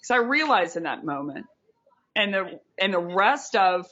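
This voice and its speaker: A woman's voice: medium pitch, sing-song, normal speed, fairly bright tone, lo-fi sound. A woman co-hosting a podcast, talking earnestly and reflectively, often restarting her phrases. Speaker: podcast co-host. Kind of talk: casual podcast monologue.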